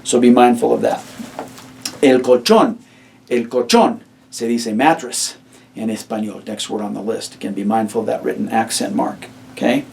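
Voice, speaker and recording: A man teaching a vocabulary lesson to students, speaking patiently and repeating each word slowly. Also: on the low side, little pitch movement, gravelly, darkish tone, recorded from a distance, a little hiss or hum. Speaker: Spanish teacher. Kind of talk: recorded classroom lecture.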